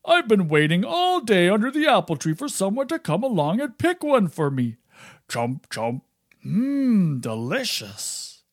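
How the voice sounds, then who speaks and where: A woman voicing a friendly, hungry lion in a children's storybook, speaking slowly and gently. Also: mid-range voice, very animated, no room sound, studio quality. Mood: gentle.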